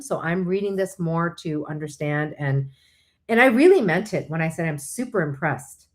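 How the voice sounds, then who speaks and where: A woman's voice: medium pitch, moderate pace. Chatty woman counselor hosting a live talk. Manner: animated, chatty, explaining with asides. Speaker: host, licensed counselor.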